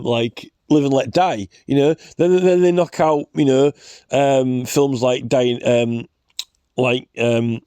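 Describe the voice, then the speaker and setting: A man's voice: mid-range voice, dark tone, clean tone, no room sound. A man in a rambling, scornful ranting commentary, full of fillers and restarts. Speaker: vlogger.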